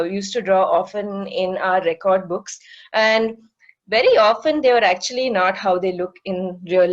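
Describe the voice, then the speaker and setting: Over a lo-fi recording, a woman with a medium-pitched voice presents an online slide talk. She's a marine educator in her thirties appearing as a guest speaker, explaining patiently and using lots of fillers.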